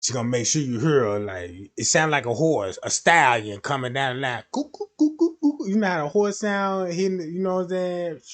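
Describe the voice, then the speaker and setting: A man's voice: fairly high pitch, expressive, brisk, hardly any pauses, fairly bright tone. A man streaming a casual, rambling monologue, slangy and full of repeated fillers.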